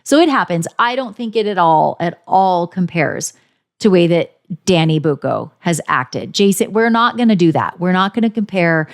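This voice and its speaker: A woman co-hosting a podcast, chatting casually and bluntly, swearing freely and acting out quotes with big jumps in her voice. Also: normal speed. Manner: animated, acts out quotes with big pitch jumps. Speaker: podcast co-host. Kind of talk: casual recap chat.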